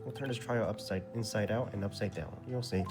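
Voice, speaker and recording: A man reading the lines of a determined defense lawyer from a video game, in his own flat voice over game music. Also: lowish voice, fairly quick, close to an everyday voice. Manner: reads game text in a flat voice.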